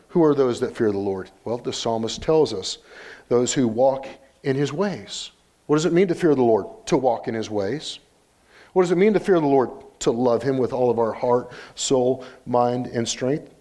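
A man's voice: medium pitch, animated, unhurried, dark tone. An older man preaching a sermon, reading Scripture aloud and driving points home with rhetorical questions and repeated phrases. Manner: reads Scripture aloud with rising emphasis. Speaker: pastor.

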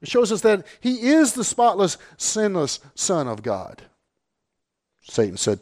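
A man preaching a sermon, emphatic, dropping low and then rising. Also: huge pitch swings, unhurried, darkish tone. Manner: emphatic, swings between low and raised voice.

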